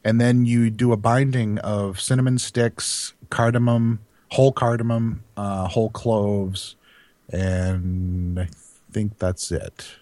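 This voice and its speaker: A man co-hosts a casual podcast, wry and laid-back. He makes dry jokes in a somewhat low voice. The recording is dry and close. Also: little pitch movement, slow, a little mellow, no room sound. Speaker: podcast co-host. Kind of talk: casual chat.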